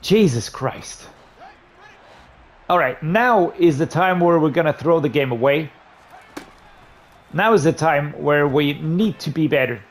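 A man giving gameplay commentary on a football video game, muttering low between plays and breaking into loud, frustrated outbursts. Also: animated, unhurried, long pauses. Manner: frustrated, ranting and swearing at the game. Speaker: gaming YouTuber.

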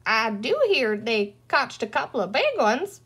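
A woman's voice: on the high side, very animated, unhurried, a bit bright, breathy edge, exaggerated voice. Woman doing a cackling withered old green woman. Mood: gossipy gleeful. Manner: folksy cowboy drawl, cackling. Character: dry withered little old green woman, gleeful villain.

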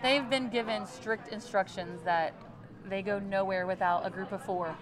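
A woman's voice: medium pitch, fairly even intonation, moderate pace, a crowd in the background. Dry-humored woman cheer coach. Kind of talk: casual interview chat.

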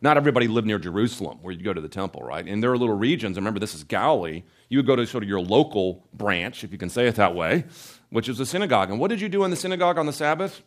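A man's voice: lowish voice, racing. A man teaching a Bible study in a conversational lecture, asking rhetorical questions and often checking in with "right?". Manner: animated, asks rhetorical questions, adds "right?" tags.

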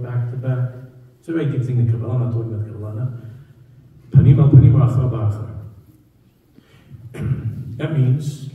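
Dark-voiced rabbi preaching in an echoey hall. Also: male voice, medium pitch, highs cut off. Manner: conversational storytelling, repeats key phrases for emphasis. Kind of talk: sermon to a live audience. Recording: echoey hall, distant mic.

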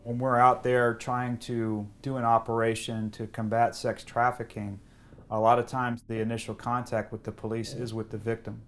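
A man, a police officer, explaining anti-trafficking work in an interview, measured and explanatory. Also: mid-range voice, flat delivery.

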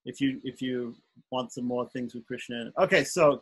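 A man's voice: mid-range voice, moderate pace, husky, rough recording. A man teaching an online chanting class, patiently going syllable by syllable and often correcting himself.

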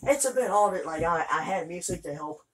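A woman doing let's play commentary, exasperated and swearing, with loud outbursts. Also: fairly low pitch, expressive, moderate pace, breathy edge, poor audio. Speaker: gameplay video creator.

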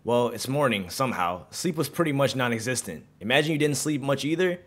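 A young man casually commentating on a video game, excitable and slangy, reading in-game texts aloud. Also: medium pitch, a little fast. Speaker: gaming streamer. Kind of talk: casual let's-play commentary.

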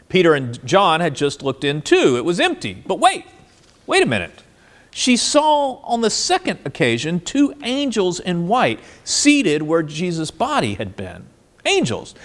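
A man preaching a sermon as pastor, asking listeners questions and moving between quiet and animated delivery. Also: fairly high pitch. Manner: expressive, swings between soft and animated.

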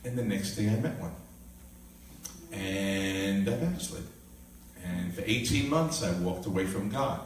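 A man's voice: low-pitched, unhurried, a little hiss or hum. Older man telling his testimony, echoey. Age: 60s. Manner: animated storyteller, acts out dialogue, laughs often. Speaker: minister. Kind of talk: testimony storytelling. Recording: echoey room, voice from a distance.

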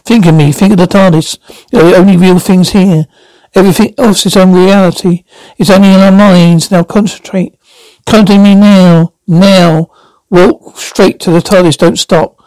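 A man's voice: high voice, fairly even intonation, normal speed, darkish tone, no echo, close to an everyday voice, low-quality recording. A man reading an eccentric older time traveller. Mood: urgent coaxing. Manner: urgent, coaxing.

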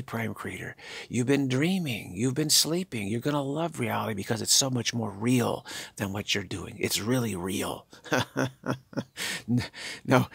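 An older man giving a spiritual talk, halting and musing, repeating himself as he searches for words. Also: mid-range voice, gravelly, a bit bright, breathy edge, no room sound. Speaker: spiritual teacher. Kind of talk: spiritual monologue.

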